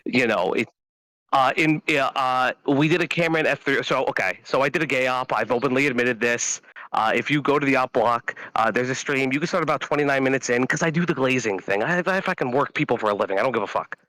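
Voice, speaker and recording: A man's voice: medium pitch, quick pace, bright, forceful tone, no room sound, low-quality recording. Rambling, profane male caller, dry sound. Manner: rambling, profane, stop-start. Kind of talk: casual phone call.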